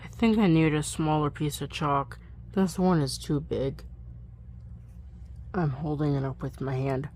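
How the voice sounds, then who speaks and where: A woman casually practicing a recitation at home, thinking aloud, correcting herself and murmuring soft asides. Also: deep voice, fairly even intonation, measured pace, pauses often. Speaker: Latin learner recording her practice. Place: bedroom at home.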